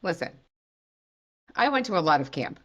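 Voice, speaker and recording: A woman's voice: fairly low pitch, big pitch swings, normal speed, a bit bright, muffled recording. A woman hosting a podcast, chatting casually and animatedly with lots of fillers. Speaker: podcast host. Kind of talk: casual chat.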